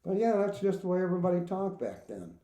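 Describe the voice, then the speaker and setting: Middle aged guy hosting a podcast, crude and blunt, voice a bit high, echoey room. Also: sing-song, fast talker, warm tone. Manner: profane, blunt, laughs often. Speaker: podcast host. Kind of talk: casual crude chat.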